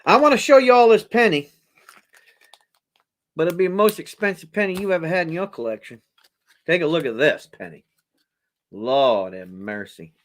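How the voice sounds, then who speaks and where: Lively, animated man showing off coins. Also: sits high, brisk, long pauses. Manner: animated, chatty, exclaims and jokes aloud. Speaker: coin seller hosting a charity auction. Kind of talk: casual show-and-tell video.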